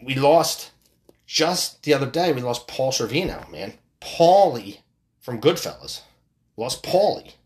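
A man's voice: mid-range voice, very animated, a little slow, darkish tone. A middle-aged man hosting a solo podcast, ranting in a profane, rambling way with frequent restarts. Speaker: podcast host.

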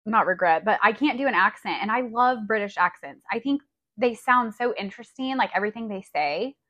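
A woman's voice: mid-range voice, expressive, brisk, a bit bright, dull audio. A young adult woman co-hosting a casual podcast chat, talkative and easygoing, recorded on a phone. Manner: chatty, many "like" fillers, laughs. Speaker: podcast co-host.

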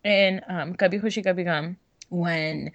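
A woman's voice: lowish voice, fairly even intonation, measured pace, dull audio. A young woman co-hosting a podcast in casual chat, giggly and full of fillers. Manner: chatty and giggly, many fillers. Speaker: podcast co-host.

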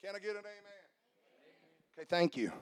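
A male pastor preaching a sermon to his church, swinging between shouted emphasis and low conversational asides. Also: lively intonation, fairly quick, clear, resonant tone, dry recording. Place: church sanctuary.

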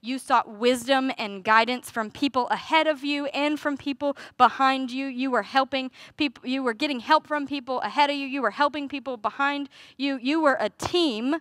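Bright high-voiced woman preaching. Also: moderate pace, few pauses, dry recording, clean studio sound. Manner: conversational, laughs and asides, animated rhetorical questions. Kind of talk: sermon.

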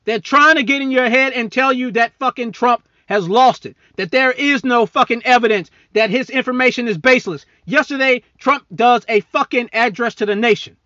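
A high-voiced, bright-toned man rants heatedly into the mic, cursing often and mocking his targets. His voice sits up high and sounds sharp and forceful. The sound is dry and close, with a dull, lo-fi edge. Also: moderate pace, hardly any pauses, no echo. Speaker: podcast host; military service member. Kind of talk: angry political rant.

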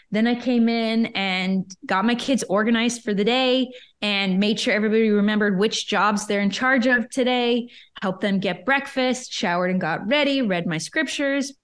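A woman who coaches entrepreneurs, a guest telling a personal story in an interview, chatty and lively, often acting out her own past thoughts. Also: fairly high pitch, moderate pace, clean tone. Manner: lively, self-quoting, chatty with frequent "like".

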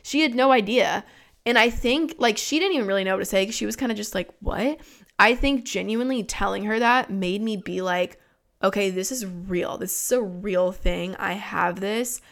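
A woman's voice: medium pitch, normal speed, gravelly, a bit bright. A young woman in her twenties, a podcast host telling a personal story in a frank, casual way, swearing often and filling her talk with "like". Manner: frank and swearing, many "like" fillers.

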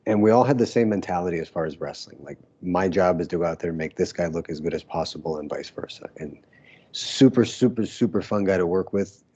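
Male guest, deep and husky, easygoing storyteller; muffled lo-fi sound. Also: brisk, warm tone. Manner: laid-back storyteller, laughs often. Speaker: former pro wrestler guest. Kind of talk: casual interview recollection.

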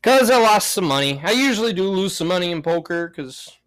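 A man's voice: sits high, animated, fairly quick, fairly bright tone, clean tone. A man hosting a solo podcast, rambling and joking with lots of swearing. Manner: rambling, profane, jokey. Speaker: podcast host. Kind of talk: solo casual podcast monologue.

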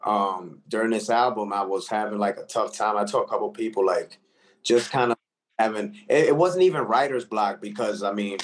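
A man's voice: fairly low pitch, moderate pace. A man, a recording artist, talking casually and earnestly in an interview, reflecting on how he writes, with lots of "like" and "man" fillers.

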